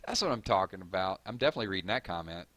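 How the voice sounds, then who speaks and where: A man with a very low voice hosts a relaxed live stream from home, rambling from one viewer comment to the next. He talks loosely, full of "um"s and restarts, and the sound is close and dry. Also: racing, dry recording. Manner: rambling and conversational, with frequent fillers and self-corrections.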